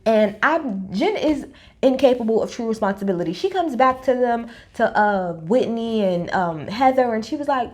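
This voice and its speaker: A woman's voice: on the high side, moderate pace. Blunt, profane woman recapping reality TV. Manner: blunt, profane, animated storytelling. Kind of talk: casual opinionated recap.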